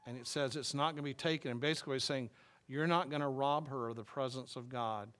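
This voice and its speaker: A man's voice: mid-range voice, fairly bright tone. A man preaching a sermon in a loose, conversational way, full of fillers and restarts. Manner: conversational, rambling, with frequent fillers. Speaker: pastor.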